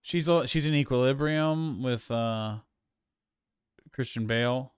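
A man's voice: medium pitch, takes it slowly, smooth, no room sound, clean studio sound. A man co-hosting a casual film review chat, rambling with many fillers and restarts. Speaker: podcast co-host.

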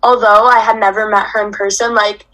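A woman's voice: medium pitch, little pitch movement, brisk, bright, forceful tone, poor audio. A teenage girl chatting casually, rambling with many fillers. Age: teens. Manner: rambling, filler-heavy talk. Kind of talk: casual chat.

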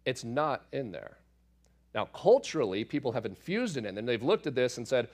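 A man, a father, teaching through a Bible passage in a relaxed, conversational way, with asides and fillers as he explains. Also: mid-range voice, moderate pace. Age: adult parent.

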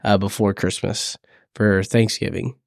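A man co-hosting a podcast, chatting casually in a hesitant, halting way. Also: on the low side, flat delivery, gravelly, no room sound, clean studio sound. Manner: hesitant, halting, many restarts and fillers. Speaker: podcast co-host. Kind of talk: casual chat.

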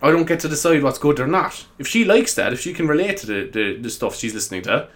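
Irish lad doing his podcast, giggly and all over the place, bright voice. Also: fairly high pitch, lively intonation, quick pace. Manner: rambling, giggly, easily sidetracked. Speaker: podcast host. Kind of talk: casual solo podcast chat.

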